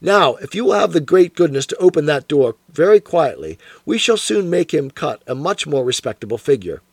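Man doing a crisp precise detective, lively pitch, dry close sound. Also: normal speed, no echo, full character voice. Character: sharp, cool-headed male detective.

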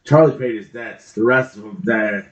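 A man's voice: fairly low pitch, moderate pace, reverberant. A man co-hosting a podcast, chatting casually with brief, dry replies. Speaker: podcast co-host. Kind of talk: casual chat.

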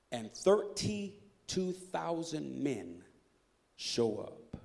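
A man preaching a sermon as a pastor, retelling a Bible story in a lively, joking storyteller's way and acting out the characters. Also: on the high side, very slow, vocal fry, long pauses. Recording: echoey hall reverb.

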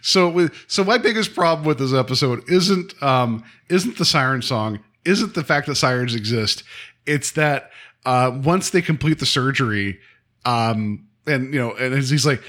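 Man, bright tone, casual recap chat, fillers, acted-out quotes. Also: mid-range voice, animated, moderate pace. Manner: rambling, lots of fillers, acts out quotes with laughs.

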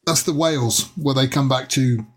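English male host, easygoing banter, mid pitch, lots of ums and laughs. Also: normal speed, over a noisy crowd. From England. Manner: chatty, laughs often, many fillers. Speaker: podcast host. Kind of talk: casual chat.

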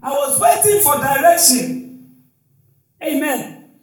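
High-voiced preacher man in echoey hall. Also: big pitch swings, slow. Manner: call-and-response preaching with shouted exclamations and frequent hallelujahs. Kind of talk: sermon. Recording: echoey hall, distant mic, faint music.

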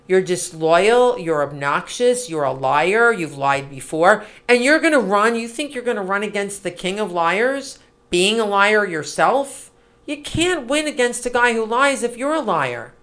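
A middle-aged woman co-hosting a podcast, talking in an animated, emphatic, casual way. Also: mid-range voice. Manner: animated, emphatic, quick asides. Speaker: podcast co-host. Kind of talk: casual political chat.

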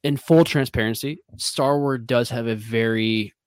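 A man's voice: mid-range voice, a little slow, clean tone, no room sound. A man with a Midwestern American accent, a whiskey brand ambassador talking loosely in an interview, full of fillers and restarts. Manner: rambling, many fillers and restarts. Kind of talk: casual interview talk.

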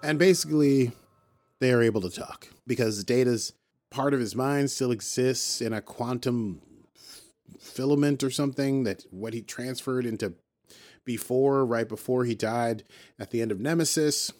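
A man's voice: mid-range voice, normal speed. Man animatedly recapping a show. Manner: animated storytelling, acting out characters' lines. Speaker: podcast host recapping a TV episode. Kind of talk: casual recap chat.

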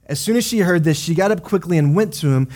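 A male pastor whose voice sits on the higher side for a man. He preaches through scripture in a relaxed, chatty way, adding casual asides. He acts out the voices of the people he quotes. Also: fast. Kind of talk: sermon. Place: church service.

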